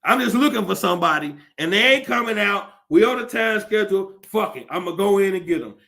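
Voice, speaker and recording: A male podcast host in a profane, animated comedic rant, often laughing as he talks. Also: high-pitched, fairly quick, creaky.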